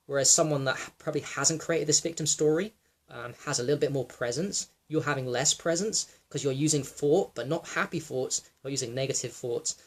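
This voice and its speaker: A young man in a raw personal monologue, reflective and halting, with many fillers and restarts, sometimes close to tears. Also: a little high. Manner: emotional, close to tears at times. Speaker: wellness vlogger.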